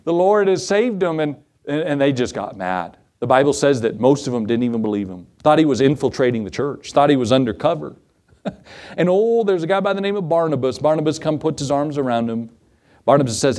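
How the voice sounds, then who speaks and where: A middle-aged man preaching a sermon, telling folksy stories with frequent chuckles and big swoops in pitch. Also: moderate pace. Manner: folksy, chuckling storyteller with lively pitch swings. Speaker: pastor.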